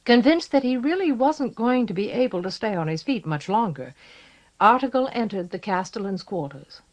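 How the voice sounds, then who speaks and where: A woman reading a fantasy novel aloud as a steady, measured audiobook narrator. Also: medium pitch, muffled recording. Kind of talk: scripted narration. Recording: 1980s cassette audiobook.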